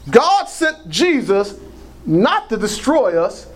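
An older male pastor preaching a sermon with fervent call-and-response. His voice runs high for a man and swings widely in pitch. He punctuates his points with cries of praise. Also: very animated, slow pace.

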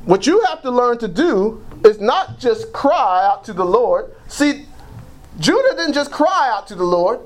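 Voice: medium pitch, big pitch swings, measured pace. A preacher giving an emphatic sermon that leads the congregation in call-and-response. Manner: emphatic, repeats phrases, frequent "praise God".

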